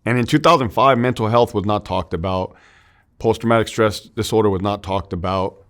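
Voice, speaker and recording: A man with a lowish voice shares his story openly in an interview, loose and conversational. He throws in "dude" and "like" all the time and swears freely, and the emotion stays raw under a plain telling. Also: fairly quick, fairly bright tone. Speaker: interview guest, army veteran.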